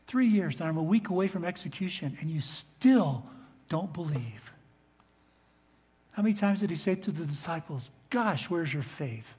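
An older man, a pastor preaching a sermon to his congregation, earnest, swinging between loud emphasis and soft low asides. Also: animated, normal speed, slightly rough. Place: church sanctuary. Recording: long reverb of a large hall.

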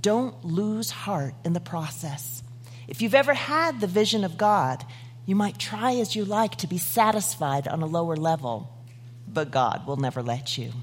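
A woman giving a devotional message and reciting a poem, expressive and dramatic, sometimes dropping to a whisper. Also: on the low side, a little slow. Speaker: devotional speaker.

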